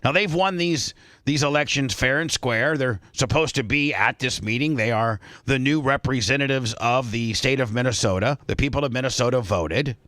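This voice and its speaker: Male radio host, bright forceful tone, dry close studio sound, indignant, rambling. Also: mid-range voice, normal speed, no room sound. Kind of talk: casual talk radio commentary.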